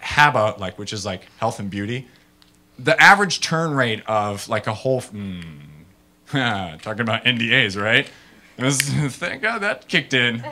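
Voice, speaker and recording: A man gives a casual, animated talk to an audience, full of fillers and acted-out voices. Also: medium pitch, slight background noise. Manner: animated storyteller, acts out people in funny voices. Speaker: startup founder giving a talk.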